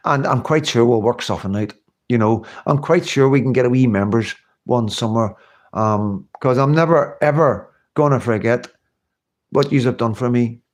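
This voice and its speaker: A man's voice: mid-range voice, normal speed. A man talks straight to his viewers on a live stream in an unscripted, rambling way, circling back over the same points. He sounds earnest, swears casually, and breaks off to answer their comments. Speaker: livestream host.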